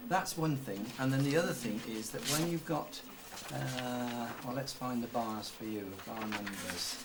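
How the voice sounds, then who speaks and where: A man's voice: medium pitch, measured pace. A man teaching a violin student from the piano, patiently explaining phrasing and checking that he is understood. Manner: sings rhythms to demonstrate, patient, asks if understood. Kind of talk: music lesson coaching. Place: rehearsal room with piano. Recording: distant mic with piano in the room.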